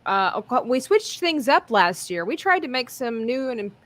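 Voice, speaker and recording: A woman's voice: a little high, very animated, a bit bright. A woman co-hosting a casual livestream, chatting, reading out viewer comments and laughing between remarks. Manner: chatty, reads out chat comments, quick asides and laughs. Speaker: co-host of a livestream.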